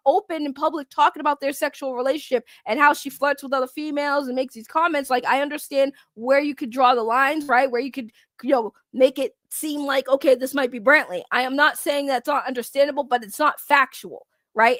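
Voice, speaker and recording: A woman's voice: high voice, fairly bright tone, no room sound, studio quality. A woman hosting a commentary show, fired up and swearing a lot as she rants. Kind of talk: heated casual commentary.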